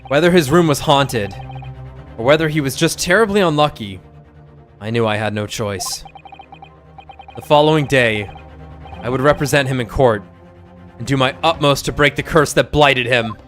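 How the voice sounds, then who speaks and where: A man's voice: medium pitch, normal speed, long pauses, fairly bright tone, soft background music, natural voice. Man reading as an earnest young lawyer narrating. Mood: solemn. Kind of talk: reading game narration aloud.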